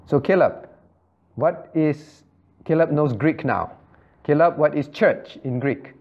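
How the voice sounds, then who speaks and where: A man's voice: a little high, slow. A male pastor teaching a Bible study. He repeats key phrases and quizzes his listeners by name. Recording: muffled lo-fi recording.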